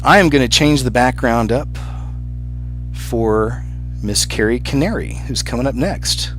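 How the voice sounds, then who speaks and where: A man's voice: medium pitch, a little slow, fairly bright tone, faint music behind. Friendly man hosting a call-in show. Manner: laughs often, friendly and chatty. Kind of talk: casual call-in chat.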